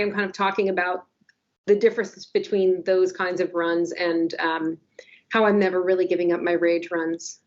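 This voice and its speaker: A woman in her forties co-hosting a casual podcast chat, telling stories with wry, self-deprecating humor and quick asides. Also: lowish voice. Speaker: newspaper podcast co-host. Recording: slightly dull lo-fi audio.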